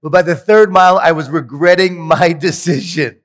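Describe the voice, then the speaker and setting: A man delivers a motivational keynote with a fairly high voice, telling lively stories and poking fun at himself. His voice rings through a large hall with a long tail of reverb. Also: moderate pace. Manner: animated storytelling with self-deprecating humor. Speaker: keynote conference speaker.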